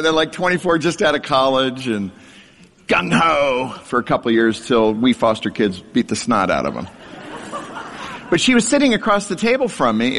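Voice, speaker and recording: A middle-aged man sharing a testimony delivers a storytelling sermon to a live congregation, joking at his own expense and laughing through his lines. His medium-pitched voice is a bit bright with vocal fry, and a large hall gives it a long reverb.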